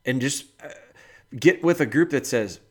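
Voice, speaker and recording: A man's voice: mid-range voice, expressive, moderate pace. A man hosting a podcast, casually giving a listener dog-training advice with homely analogies and speaking to her directly.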